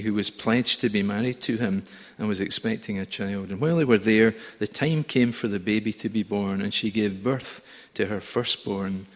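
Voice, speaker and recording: A man preaching a sermon in a church, in a chatty, gently humorous storytelling manner. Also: on the low side, big-room sound.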